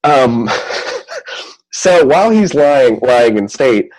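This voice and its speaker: Man, podcast co-host, lively up-and-down delivery, jokey and rambling. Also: medium pitch, extremely slow, low-quality recording. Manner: animated, joking, rambling with frequent laughs. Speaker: podcast co-host recapping a film. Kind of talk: casual chat.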